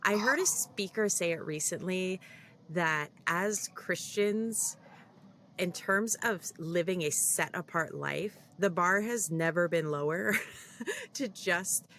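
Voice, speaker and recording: Encouraging lower-voiced woman host. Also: takes it slowly, fairly bright tone, a little hiss or hum. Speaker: podcast co-host. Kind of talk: casual faith podcast chat.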